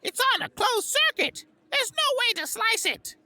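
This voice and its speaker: A man voicing a small, skittish male alien creature who works as a nervous tech slicer, with a squeaky, fretful voice. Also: sing-song, normal speed, pushed and bright, no echo, heavily acted. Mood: protesting. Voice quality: squeaky, creaky. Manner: fretful, protesting.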